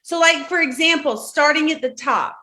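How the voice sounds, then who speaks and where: At a moderate pace, this Southern woman's high, sharp-toned voice carries a live-streamed workshop. She gives instructions step by step, repeating key words and frequently checking in.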